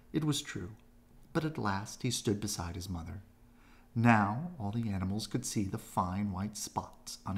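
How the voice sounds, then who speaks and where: Animated man reading a bedtime story. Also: lowish voice, gravelly. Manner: gentle, expressive storytelling. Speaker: storybook reader. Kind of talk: children's read-aloud.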